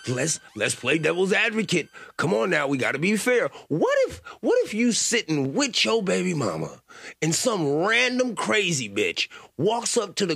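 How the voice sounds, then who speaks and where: A man's voice: fairly high pitch, creaky, pushed and bright, breathy edge, no echo. A man hosting a podcast, riffing in crude, rambling comedic commentary with a sing-song delivery. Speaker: podcast host.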